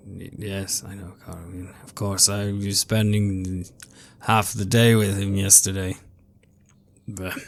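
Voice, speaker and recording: A man voicing an older grandfather who speaks haltingly and stammers. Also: on the low side, flat delivery. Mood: hushed, tense. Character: older grandfather, gruff worn-out father.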